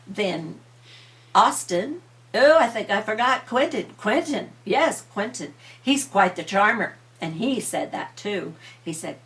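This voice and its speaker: An older grandmother with a creaky voice telling a bedtime story gently and with chatty asides. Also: mid-range voice, animated, measured pace. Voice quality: old, creaky voice.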